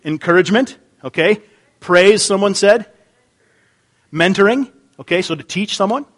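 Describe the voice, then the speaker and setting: A man's voice: high-pitched, moderate pace. A man preaching a sermon in church, chatting with the congregation, repeating their answers aloud and often restarting his sentences. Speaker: pastor. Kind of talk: interactive sermon.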